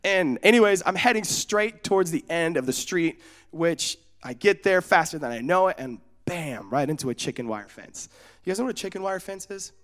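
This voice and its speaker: A young man from Oregon preaching in a casual, storytelling way, animated and acting out the voices in his stories. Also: a little high, moderate pace. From United States, Oregon. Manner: casual, often asks "you know what I'm saying?". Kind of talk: storytelling sermon.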